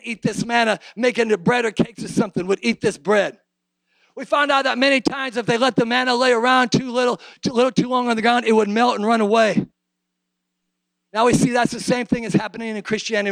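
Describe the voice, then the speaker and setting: A man preaching a sermon, swinging between hushed low asides and shouted, sing-song preaching. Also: creaky, no echo.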